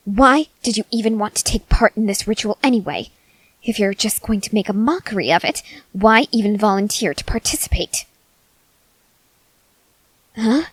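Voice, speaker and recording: A woman voicing an arrogant, unhinged young male cult leader in a whispered role-play, slow and intense, swinging between whispers and sharp outbursts. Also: mid-range voice, breathy edge, no room sound, close to an everyday voice, poor audio. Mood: bitter. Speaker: ASMR voice actor.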